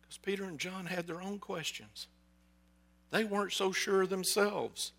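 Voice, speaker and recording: Pastor, male, a touch high-pitched, chatty storytelling sermon with jokes and acted-out voices. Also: a little slow, gravelly, fairly bright tone. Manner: conversational storytelling with jokes and asides; acts out quoted voices.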